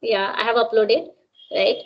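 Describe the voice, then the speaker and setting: Indian English woman, teacher, casual practice chat; high voice, muffled lo-fi audio, keeps tagging "right?". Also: steady tone, unhurried. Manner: frequent tag "right?". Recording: dull lo-fi sound.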